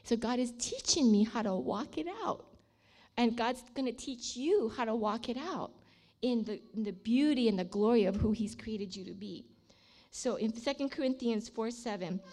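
A woman of sixty giving a testimony sermon to a room of listeners, telling her story with animated storytelling and leading an earnest, pleading prayer. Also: mid-range voice, normal speed. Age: 60s. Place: room with a seated audience.

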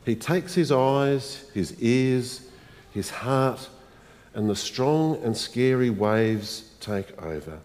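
A male pastor gives a sermon in a slow, unhurried way, with long pauses between phrases. His voice sits at an ordinary pitch. He keeps asking the congregation reflective questions, and his words ring out with a long church-hall reverb. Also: expressive, darkish tone.

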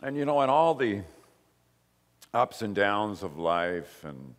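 A man preaching a sermon as pastor, slow and emphatic, with repeated short phrases. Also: lowish voice, sing-song, big-room sound. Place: church.

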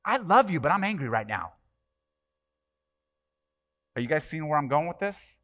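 A man's voice: on the high side, very animated, normal speed, pushed and bright, lo-fi sound. A man preaching a sermon as pastor, passionate and emphatic, with many rhetorical questions.

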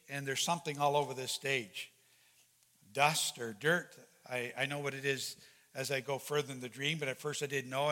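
A man preaching as a pastor, praying and telling a story in an earnest, animated way, often repeating his words. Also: on the high side. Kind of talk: sermon with prayer and storytelling. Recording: long hall reverb.

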